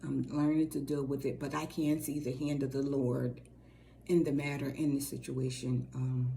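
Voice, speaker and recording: A middle-aged woman co-hosting a faith channel, talking casually and warmly to her viewers, rambling and repeating phrases as she goes. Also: extremely low pitch, level tone, normal speed, vocal fry, a little hiss or hum. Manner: warm, rambling, repeats phrases, says y'all. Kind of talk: casual direct-to-camera talk.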